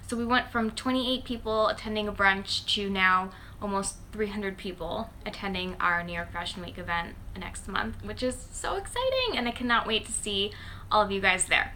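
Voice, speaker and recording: A woman with a very bright, sharp voice hosts a casual livestream, talking into her phone. She has a slight lisp and an upbeat, chatty manner, filling her pauses with "um"s. Faint noise sits under her voice. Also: mid-range voice, steady tone. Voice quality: slight lisp from dental aligners. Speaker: host and founder of a blogger network. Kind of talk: casual livestream talk to followers.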